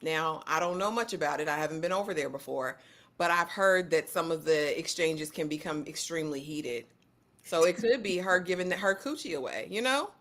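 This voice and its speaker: A woman co-hosting a casual panel chat, quick and joking with emphatic slang. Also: deep voice, lively intonation, fairly bright tone. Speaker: panel co-host. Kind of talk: casual chat reacting to viral clips.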